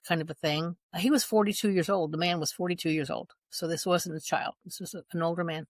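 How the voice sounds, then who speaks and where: A woman's voice: lowish voice, steady tone, brisk, few pauses, dry recording. Earnest middle-aged mother recounting events. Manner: earnest, reenacts dialogue in her retelling. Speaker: guest, mother. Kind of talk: personal account in conversation.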